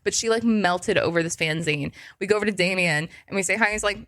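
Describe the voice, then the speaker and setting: A woman's voice: lowish voice, quick pace, a bit bright, dry recording, clean studio sound. A woman guest on a podcast, telling stories in casual chat with lots of filler words and frequent laughter.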